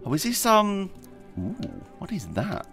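A man commenting as he plays a video game, chatty and excitable, often squealing with delight. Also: high voice, unhurried, gravelly, faint music behind. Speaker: gaming video host. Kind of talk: let's play commentary.

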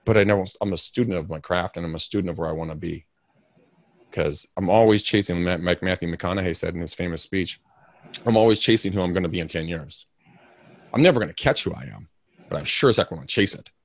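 A man being interviewed about his career, telling stories in an energetic, rambling, emphatic way with self-mocking asides. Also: deep voice, fast, no echo, clean studio sound. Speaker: realtor and podcast co-host, interview guest. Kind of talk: candid interview storytelling.

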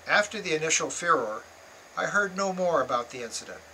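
An older man reads from his own book, his voice bright and forceful and pitched a little high for a man. He tells the story in a measured, earnest way. A faint hiss runs under the recording. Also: expressive, low-quality recording. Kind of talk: memoir read-aloud.

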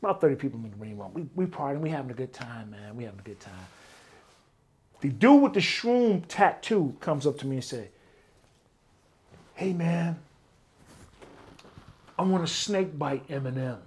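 A man telling stories as an interview guest, animated, swearing freely, peppering his talk with "man" and acting out other people's lines. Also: medium pitch, fairly quick, breathy edge. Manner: animated, swears often, keeps saying "man". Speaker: interview guest, former bodyguard. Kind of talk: casual storytelling.

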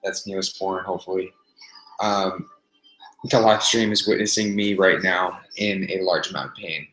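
A man's voice: low-pitched, fairly even intonation, moderate pace, a bit bright. A man hosting a casual livestream for his viewers while in pain from a burned hand, groaning, sighing and swearing between remarks. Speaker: vlogger host. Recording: echoey room, faint noise.

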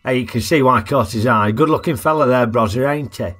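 A man's voice: medium pitch, fast, a bit bright. A man giving a chatty, jokey film review full of tag questions. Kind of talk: casual film review narration.

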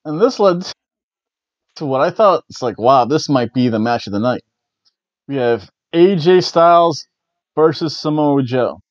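A man's voice: on the high side, animated, measured pace, pauses often, no echo. A man hosting a casual wrestling review, rambling and correcting himself with the odd chuckle. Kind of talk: casual spoken event review. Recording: dry, slightly dull lo-fi audio.

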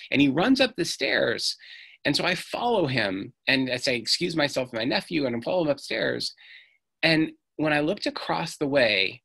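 A man's voice: mid-range voice, creaky, fairly bright tone, breathy edge. A middle-aged man giving an earnest storytelling talk on stage, acting out the voices he quotes. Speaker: speaker.

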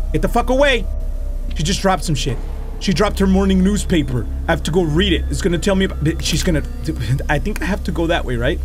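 Panicky high-voiced man yelping at a horror game. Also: animated, a little fast, soft background music. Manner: panicky, swearing, yelping and shouting in fright; drops Spanish exclamations. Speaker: gaming streamer. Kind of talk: horror game playthrough commentary.

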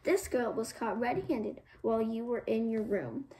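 A woman voicing a harsh female orphanage administrator who yells scornfully. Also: fairly high pitch, moderate pace, close to an everyday voice. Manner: yelling, scornful.

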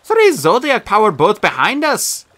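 A man voicing an excitable, playful young boy who talks with eager, dramatic energy. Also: sits high, a little slow, voice pushed up, heavily acted. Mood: excited. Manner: eager, dramatic, trailer-voice playacting.

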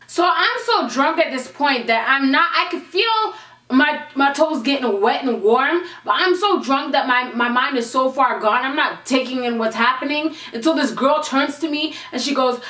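A young woman vlogger telling a storytime in an animated, slangy way, swearing freely. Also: high-pitched, normal speed. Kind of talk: storytime vlog. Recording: echoey room, mic at a distance.

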